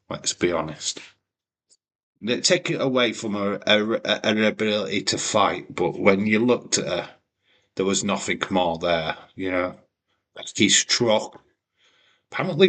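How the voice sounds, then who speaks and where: A man talks through a wrestling watch-along in a loose, opinionated rant, swearing freely and stumbling over restarts. His voice sits a little low and comes across bright and forceful. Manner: blunt, sweary, ranting with frequent restarts. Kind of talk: casual opinionated commentary.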